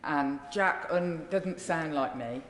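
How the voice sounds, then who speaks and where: A woman's voice: deep voice, slow pace. Brummie woman giving a parliamentary tribute. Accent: Birmingham. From Birmingham, England. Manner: warm, joking, laughs between phrases. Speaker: member of parliament. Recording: echoey chamber with long reverb.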